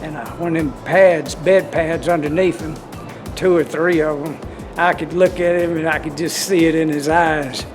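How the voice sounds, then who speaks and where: A man's voice: on the high side, steady tone, moderate pace. Folksy Southern man, earnest vlog talk. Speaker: vlogger. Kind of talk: personal storytelling and spiritual talk. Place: outdoors in cold wind. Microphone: handheld camera. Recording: background music under the voice.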